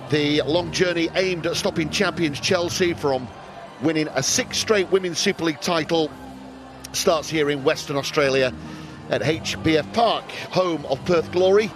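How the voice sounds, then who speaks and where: Commentator, raised pitch, music behind. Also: male voice, normal speed. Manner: formal, welcoming. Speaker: football commentator. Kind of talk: broadcast commentary intro.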